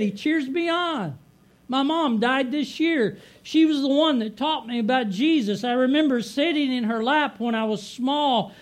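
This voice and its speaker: A middle-aged pastor with a strikingly high voice preaches a heartfelt sermon, using repetition for emphasis and stretching out key phrases. His delivery climbs and swells as he drives each point home.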